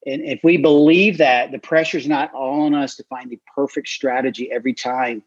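Husky-voiced man telling a story. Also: mid-range voice, moderate pace, dry recording. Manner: animated storyteller, frequent fillers. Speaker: guest author and missionary. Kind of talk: storytelling in an interview. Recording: dry, slightly dull recording.

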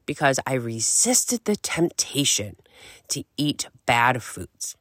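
A woman's voice: rumbling low, lively intonation, measured pace, a bit bright, dry recording, clean studio sound. A woman in her forties telling a personal story to camera in a candid, chatty way, swearing and laughing now and then. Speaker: vlogger.

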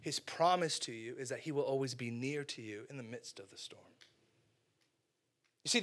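A man's voice: fairly high pitch, a bit bright. A man preaching a casual, humorous sermon in a conversational way, joking and saying "like" often.

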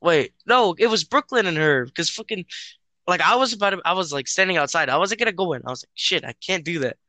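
Hesitant, rambling young man, bright voice. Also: high voice, animated, quick pace, dry recording. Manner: hesitant, rambling, lots of filler and swearing. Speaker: friend telling a dating story. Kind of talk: casual chat over a call.

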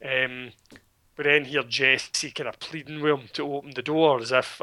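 Scottish male podcaster with a crisp, bright voice; wry, profane storyteller. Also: mid-range voice, moderate pace. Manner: sardonic, swearing, animated storytelling. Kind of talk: casual film recap chat.

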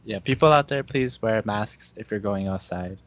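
A man with a fairly low voice joins a relaxed conversation, jumping up in pitch when he stresses a point. He sounds animated and engaged. The recording is dull and lo-fi. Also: moderate pace, no echo. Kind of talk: casual chat.

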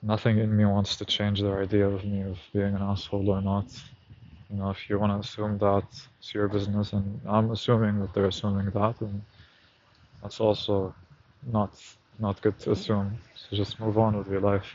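A man's voice: on the low side, completely flat delivery, normal speed, a little mellow, muffled recording. A man talking to himself on a night walk outdoors, recounting a story in a reflective, casual monologue. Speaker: vlogger.

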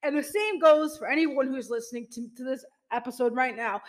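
A podcast host talks straight to listeners as "y'all," giving an emphatic motivational pep talk sprinkled with "you know" and mild swearing. The voice sits high and moves a little fast, and the recording quality is low.

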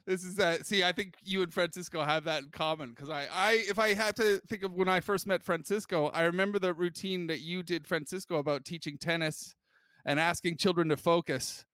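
Bright, high-voiced male podcast host. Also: steady tone, a little fast, no echo. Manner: laid-back, joking storytelling. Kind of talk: casual podcast chat.

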